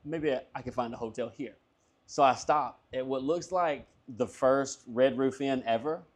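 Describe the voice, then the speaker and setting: A man's voice: mid-range voice, moderate pace. A man, a comedian guest, telling a long story casually, swearing freely and acting out everyone's lines. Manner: profane, animated, acts out dialogue.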